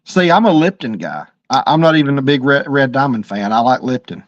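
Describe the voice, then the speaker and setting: This middle-aged man speaks with an Alabama accent, a medium pitch that swings widely, and a fairly quick pace. Co-hosting a livestream, he tells stories in an easygoing, chatty way and often repeats words, captured in dry, lo-fi stream audio.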